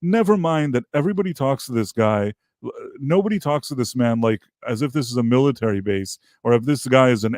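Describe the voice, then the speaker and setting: A man's voice: mid-range voice, dry recording, studio quality. A man hosting a TV review show, talking in a scornful, exasperated rant that stumbles over repeated words and restarts. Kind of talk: ranting commentary review.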